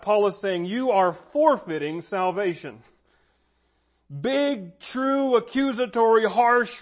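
High-voiced guy pastor preaching, emphatic, drags out the key words. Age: adult with a child. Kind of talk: sermon.

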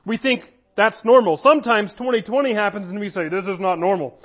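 A man with a high voice delivers a sermon, earnest and emphatic, drawing out key phrases. The recording sounds a little dull and lo-fi. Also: fairly quick. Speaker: pastor.

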